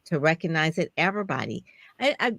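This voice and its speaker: A woman hosting a casual interview, telling stories animatedly with sudden high jumps in pitch. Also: big pitch swings, fast talker, a bit bright, no room sound. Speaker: host.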